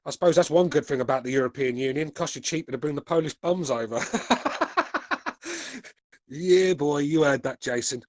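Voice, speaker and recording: He talks quickly and barely pauses, his medium-pitched voice carrying a darkish tone with no room sound. The speaker is a British podcast host in his forties who reads chat comments aloud, chatting bluntly and cursing.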